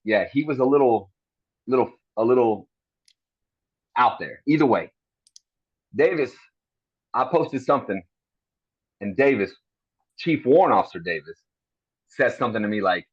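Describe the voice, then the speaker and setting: A middle-aged man tells war-buddy stories in a blunt, chummy, profane way. His voice sits at an ordinary pitch. The audio is muffled and lo-fi, with no room echo at all. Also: expressive, normal speed, long pauses, slightly rough. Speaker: guest, Marine veteran. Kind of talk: casual storytelling chat. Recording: dull dry lo-fi sound.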